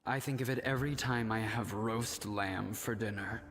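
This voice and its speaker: An actor playing a haughty, decadent noble count in a video game, with a drawling, arch delivery. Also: male voice, lowish voice, fairly even intonation, normal speed, a bit bright, long reverb tail. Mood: mock tragic. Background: game music.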